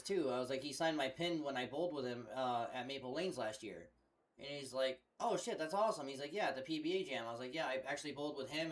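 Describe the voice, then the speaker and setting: A young man talks into a headset in a loose, rambling way. His voice sits at an ordinary middle pitch, and he swears freely as he tells his story. It sounds like relaxed streaming chat. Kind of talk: casual chat.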